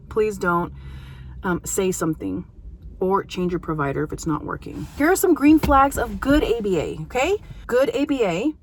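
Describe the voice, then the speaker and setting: An earnest woman in her thirties speaks directly to parents as a behavior analyst. Her voice sits at an ordinary middle pitch, and her talk is casual and heartfelt, broken by emphatic pauses.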